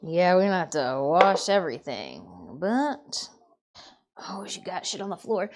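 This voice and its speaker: A woman's voice: lowish voice, very animated, measured pace. Chatty, sweary woman from Michigan. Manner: chatty and swears freely, drifting into quiet muttering. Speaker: livestreamer. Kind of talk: casual live-stream chat while cooking.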